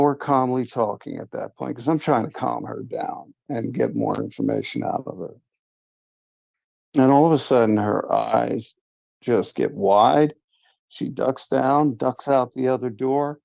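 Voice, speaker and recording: Gravelly man telling a story. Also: mid-range voice, unhurried, darkish tone, no echo. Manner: earnest, confiding, recounting a strange encounter. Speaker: livestream host. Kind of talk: casual first-person storytelling. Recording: dull lo-fi stream audio.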